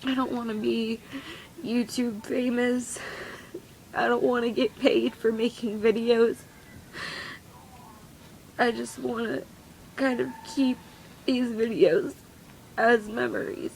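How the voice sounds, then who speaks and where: A teenage girl crying as she talks in a confessional vlog, her voice breaking and halting. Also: a little high, little pitch movement, vocal fry, a little mellow, slight background noise, rough recording. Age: teens. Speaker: vlogger.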